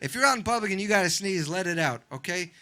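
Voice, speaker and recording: Bright, high-voiced young comedian man. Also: fast talker. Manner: animated, acts out other people in loud voices. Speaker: stand-up comedian. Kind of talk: stand-up comedy set. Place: comedy club with a live audience.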